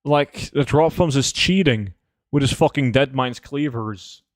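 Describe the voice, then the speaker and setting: A man's voice: mid-range voice, a little slow, dry recording, studio quality. Profane, rambling young streamer guy. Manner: loose, profane, rambling with many fillers. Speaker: game streamer. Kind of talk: casual livestream chat, reading chat messages.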